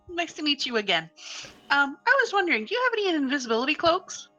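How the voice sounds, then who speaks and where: A woman's voice: high-pitched, very animated, quick pace, pushed and bright, muffled recording, soft background music. A woman playing a tabletop game in character, casual and playful. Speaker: player.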